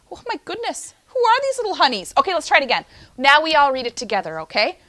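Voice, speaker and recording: A young adult woman teaching a phonics lesson to young children in an animated, sing-song teacher voice. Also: high-pitched. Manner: animated, sing-song teacher voice, slows for chanted poem lines.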